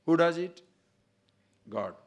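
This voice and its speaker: An older man, giving a spiritual discourse full of rhetorical questions and repeated words, his pitch and loudness rising and falling widely. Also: lively intonation, takes it slowly. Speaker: spiritual teacher.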